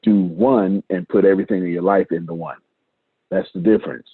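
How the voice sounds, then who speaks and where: This team coach talks in a low, steady, slightly rough voice at a fairly quick pace, hammering points home by repeating phrases. He's on a live video call, and the audio is dry and tinny, phone-like, with no echo.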